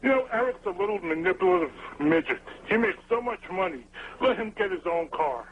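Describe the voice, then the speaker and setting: A man on a phone call putting on a gruff voice to play a threatening tough-guy businessman who trades insults. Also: high-pitched, animated, brisk, a little hiss or hum. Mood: menacing. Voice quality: gruff put-on voice. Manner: insulting, trash-talking. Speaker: caller. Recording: dull phone line.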